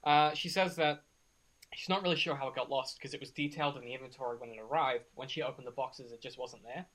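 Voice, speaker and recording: A man's voice: medium pitch, fast, fairly bright tone, low-quality recording. A man narrating as game master of a tabletop game, in a loose, rambling way with many fillers.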